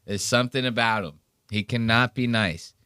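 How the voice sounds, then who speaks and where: A man hosts a podcast and reacts to comedy clips in a loose, profane, mocking way. His voice is smooth and resonant. He sits close to a dry mic with no room sound. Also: medium pitch, normal speed, dry recording. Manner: profane, sarcastic, animated storytelling. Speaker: podcast host. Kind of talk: casual commentary on clips.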